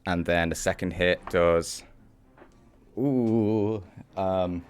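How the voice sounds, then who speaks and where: Deep-voiced British player, excitable. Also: male voice, very slow, clear, resonant tone. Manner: excitable, laughing, swearing. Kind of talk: casual tabletop play.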